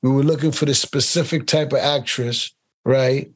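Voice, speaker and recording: A man speaks in a relaxed interview about his work as a casting director. His voice sits at an ordinary middle pitch, and he rambles, circling back and repeating words as he finds his point. Now and then he mimics other people's accents to tell a story. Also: normal speed. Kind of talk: casual interview conversation.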